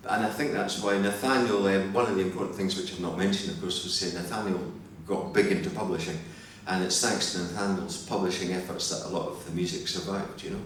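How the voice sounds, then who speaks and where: A Scottish man with a very low voice talks through his answers in a reflective, measured way during a live interview. He is picked up from across a hotel function hall. The room rings with heavy echo and a faint hum sits underneath. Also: steady tone, fairly bright tone, far from the mic. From Scotland. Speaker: interview guest, fiddler.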